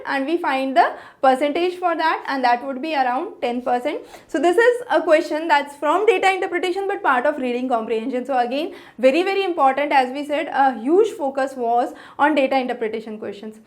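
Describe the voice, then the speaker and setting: A woman tutor explaining exam answers in a methodical way, with an Indian English accent, going through each question step by step. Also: high voice.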